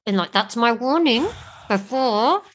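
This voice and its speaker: A woman's voice: a little high, a little slow. Chatty woman co-hosting a podcast. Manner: animated, swears freely, acts out what others said. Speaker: podcast co-host. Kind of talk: casual podcast chat.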